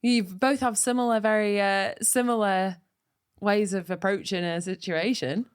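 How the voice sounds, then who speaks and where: A woman's voice: mid-range voice, steady tone, clean tone. Teasing woman co-host, easy mid-range voice. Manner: teasing, quick to laugh along. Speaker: podcast co-host. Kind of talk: casual chat.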